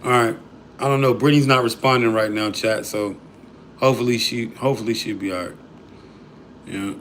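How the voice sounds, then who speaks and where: A man's voice: fairly low pitch, fairly even intonation, a little fast, fairly bright tone, slight background noise. A man hosting a livestream, talking loosely and profanely to his chat in disbelief. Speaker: livestream host.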